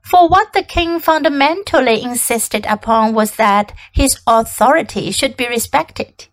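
A woman teacher narrating a storybook aloud, reading clearly and deliberately. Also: a little high, poor audio. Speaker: English teacher.

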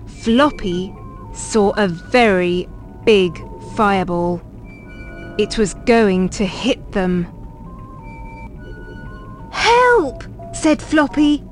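A woman reading a children's picture book aloud, clear and deliberate, paced for young learners. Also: mid-range voice, soft background music. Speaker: storybook reader.

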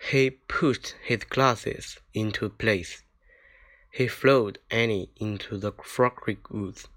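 Slow, careful man reading a storybook. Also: lowish voice, a bit bright. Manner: slow, careful reading with small slips and restarts. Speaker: reader. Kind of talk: reading a children's book aloud.

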